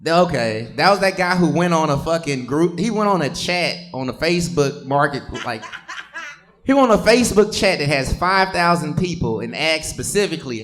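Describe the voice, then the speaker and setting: A man's voice: a little high, animated, moderate pace, a bit bright. A man doing profane stand-up crowd work on a comedy stage, teasing audience members.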